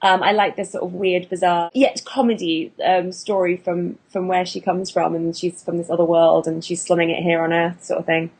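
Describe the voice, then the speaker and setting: A woman's voice: lowish voice, moderate pace, few pauses, slightly rough. Chatty British woman in an interview. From England. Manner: chatty, lots of restarts and fillers, animated. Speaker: burlesque performer and actor, interview guest. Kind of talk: casual interview chat.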